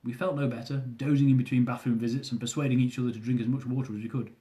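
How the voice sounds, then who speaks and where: A young man reading from his own travel memoir with a dry, self-mocking wit. His voice is warm and mellow, sitting in an ordinary middle pitch for a man. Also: steady tone, rapid-fire.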